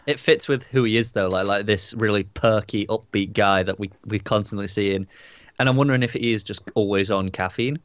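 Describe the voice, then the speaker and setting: A man co-hosting a TV review show, chatting casually in a measured, agreeable way. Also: lowish voice, no room sound, highs cut off. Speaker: TV review podcast co-host. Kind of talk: casual chat.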